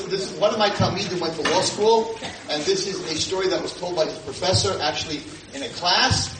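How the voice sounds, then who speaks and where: A man teaching an audience as a rabbi, telling stories and acting out the voices of the people in them with sudden loud shouts. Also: fairly high pitch. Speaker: rabbi lecturer. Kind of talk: animated storytelling lecture to a live audience. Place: community hall with audience. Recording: roomy distant room mic with noise.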